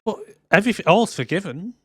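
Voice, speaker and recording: A man co-hosting a casual movie review podcast, sarcastic and quick to swear as he acts out scenes. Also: high voice, lively intonation, fairly bright tone, husky, no room sound, studio quality. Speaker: podcast co-host.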